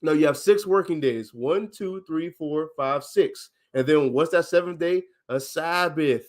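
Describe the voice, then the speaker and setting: A man with a somewhat high voice teaches on a casual livestream. He speaks with emphasis, stops to put questions to his listener, and counts days out loud on his fingers. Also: a little slow.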